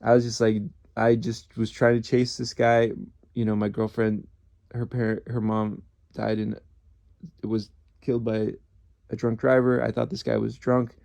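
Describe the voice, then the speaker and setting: Gravelly and a bit mellow, this medium-pitched voice barely moves in pitch and keeps a normal speed, with no echo. The speaker, a thirtysomething former officer, swears, belittles himself, and restarts constantly while spinning rambling casual stories.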